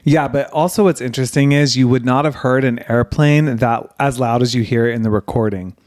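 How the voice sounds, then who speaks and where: An Ohio man co-hosts a podcast through a headset mic, telling stories in casual chat as a relaxed storyteller who laughs often. His voice is medium-pitched and fairly quick.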